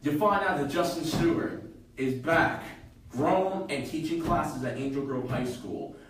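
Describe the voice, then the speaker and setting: Man, casual storyteller, rambling with fillers, echoey room, distant mic. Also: a little high. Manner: rambling, halting retelling with many fillers. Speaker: podcast co-host. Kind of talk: casual storytelling of fan fiction.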